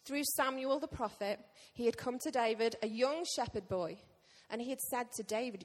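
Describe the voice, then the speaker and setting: A woman pastor preaching a sermon to her church, lively and joking with the congregation. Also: a little high, normal speed, hardly any pauses. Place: church hall. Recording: long reverb of a church hall.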